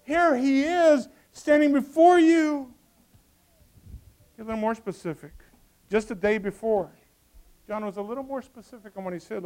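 A man preaching a sermon, shifting from a soft murmured prayer to dramatic, emphatic exclamations. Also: sits high, rough recording. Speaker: pastor.

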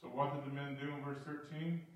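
A man preaching a sermon, animated and swinging from quiet asides to shouting. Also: mid-range voice, fairly quick, vocal fry. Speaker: pastor. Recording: echoey hall, from far off.

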